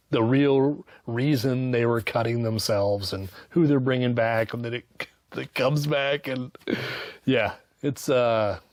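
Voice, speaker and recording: A medium-pitched man, recorded dry, hosts his channel with a casual and sarcastic book review. He swears freely and throws in asides in mocking voices.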